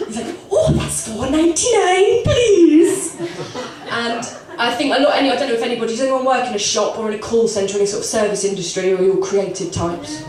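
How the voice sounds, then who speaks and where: A woman's voice: a little high, very fast, few pauses, crowd noise. Rambling woman doing stand-up. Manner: rambling, self-deprecating, with giggles and asides. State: has a cold. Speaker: stand-up comedian. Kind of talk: stand-up comedy set. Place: comedy club stage. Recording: echoey club recorded from far off with audience. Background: live audience.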